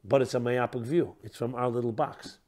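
A man speaking as a rabbi in a reflective teaching talk, posing rhetorical questions and trailing off softly at the ends of phrases. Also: mid-range voice, fairly even intonation, brisk.

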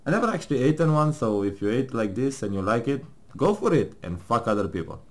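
A man's voice: medium pitch, very animated, fast talker. Man, casual gamer, jokey, laughs often, swears, mock-serious read-aloud tone. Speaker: gamer playing with partner. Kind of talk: casual gaming commentary, reading game text aloud.

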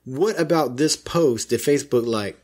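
A man co-hosting a casual chat podcast, telling a story with animated indignation. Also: medium pitch, moderate pace. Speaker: podcast co-host.

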